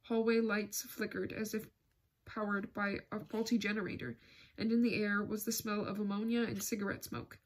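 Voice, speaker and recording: A woman narrating an audiobook in a measured, steady way. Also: mid-range voice. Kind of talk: scripted narration.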